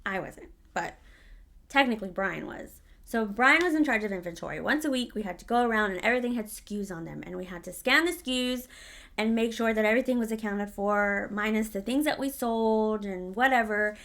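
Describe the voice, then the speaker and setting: A woman's voice: mid-range voice, brisk, a bit bright. A woman telling a storytime to her vlog audience in a casual, blunt way, swearing freely.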